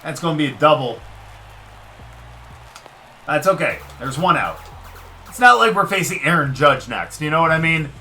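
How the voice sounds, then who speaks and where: A man with a fairly high, bright voice, commentating a baseball video game in a casual let's-play style. He swings his pitch all over as he talks to the game, cheering and groaning along with every pitch, with soft music underneath. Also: big pitch swings, normal speed, long pauses. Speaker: gaming video creator.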